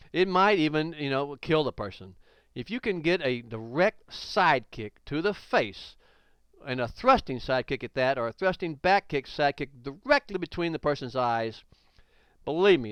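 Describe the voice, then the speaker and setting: A man's voice: medium pitch, a bit bright, smooth, dry recording. A man narrating a karate instruction video, blunt and emphatic, repeating warnings and punctuating with exclamations.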